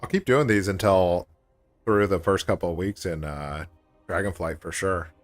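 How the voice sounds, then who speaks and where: A man's voice: low-pitched, moderate pace, soft background music. A man hosting a casual game livestream, chatting in a laid-back way and laughing often. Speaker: streamer.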